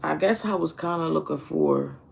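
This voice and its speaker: Speaking on the high side with huge pitch swings, this man has a creaky voice and a moderate pace, with slight background noise. He's a streamer sharing a personal story, candid and reflective, with frequent swearing and repeated phrases in speech.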